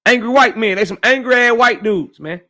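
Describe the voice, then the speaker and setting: A man's voice: very high-pitched, fairly quick, bright, forceful tone. A man hosting a live stream, casually greeting chat viewers one by one in slang. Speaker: livestream host.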